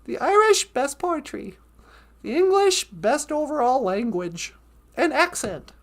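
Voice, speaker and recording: A woman hosting a live-stream podcast in casual chat, laughing often and reading lines slowly and dreamily. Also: high voice, sing-song. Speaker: podcast host.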